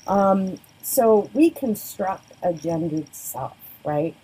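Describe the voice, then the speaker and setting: A woman's voice: lively intonation, slow pace, mellow, husky, rough recording. A woman giving a sociology lecture in a conversational way, often checking in with "right?" and acting out quoted voices. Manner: conversational, keeps asking "right?"; acts out quoted voices with big pitch jumps. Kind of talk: recorded lecture. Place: the Bay Area.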